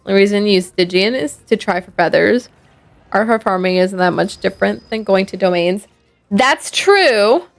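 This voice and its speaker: A woman's voice: medium pitch, steady tone, a little fast, gravelly. A woman streaming a game, chatting casually and sleepily, rambling with fillers and restarts. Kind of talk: casual gameplay chat. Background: faint game music.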